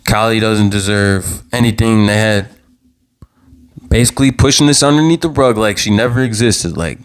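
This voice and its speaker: This show host speaks in a smooth, lowish voice at a moderate pace. He's livestreaming his own talk show on his channel, passionate and heated, swearing and repeating himself throughout his commentary.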